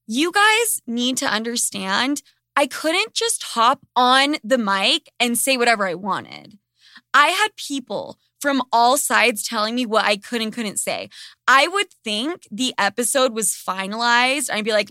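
Woman podcast host, higher bright voice, dry close mic, vivid swearing storyteller. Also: takes it slowly, dry recording. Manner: animated, swears freely, dramatic storytelling. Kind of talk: casual storytelling chat.

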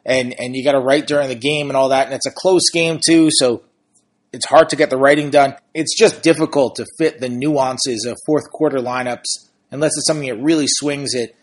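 A man's voice: mid-range voice, steady tone, fairly quick. A man, a sportswriter and podcast host, talking through team stats and standings in an analytical, conversational way. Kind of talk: casual sports commentary.

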